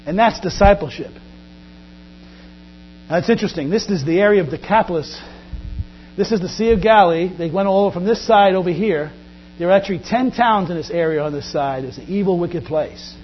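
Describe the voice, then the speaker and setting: A man preaching a sermon as pastor, animated, often acting out Bible scenes in quoted voices. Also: high voice, a little fast. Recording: dull lo-fi recording with faint mains hum.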